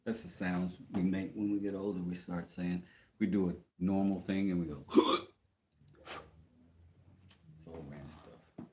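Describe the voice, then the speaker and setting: A man's voice: deep voice, steady tone, moderate pace, dark tone, a little hiss or hum. A man chatting casually on a livestream as he does woodworking, joking and greeting viewers. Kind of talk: casual livestream chat while working. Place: workshop.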